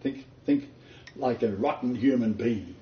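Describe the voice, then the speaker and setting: A man's voice: mid-range voice, a little slow. A man leading an interactive Bible study, quizzing his group and laughing often. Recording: roomy dull lo-fi recording.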